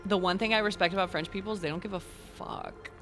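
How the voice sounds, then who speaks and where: A woman gaming streamer giving casual let's-play commentary, excitable and gushing, laughing often. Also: medium pitch, quick pace. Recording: game music behind.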